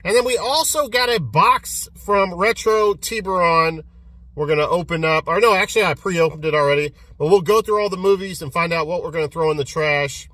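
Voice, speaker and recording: A man vlogging casually about his movie collection and fast food, rambling, repeating words and swearing as he goes. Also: sits high, bright, forceful tone, dry recording. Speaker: physical media collector vlogger. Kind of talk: casual vlog rant.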